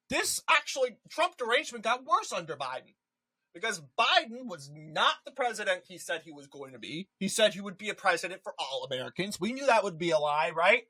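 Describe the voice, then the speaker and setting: Political ranter, bright voice, super emphatic, keeps hammering the same point. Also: mid-range voice, rough recording. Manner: animated, emphatic, repeats points. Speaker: political commentator. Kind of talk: ranting political commentary.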